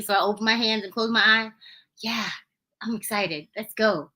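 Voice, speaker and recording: A young woman hosts her podcast in a relaxed storytelling mode. Her voice is bright and clear, sitting at a middle pitch. She laughs easily and jumps higher when she acts out what people said. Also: moderate pace. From Brooklyn, New York. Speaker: podcast host. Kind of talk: casual storytelling.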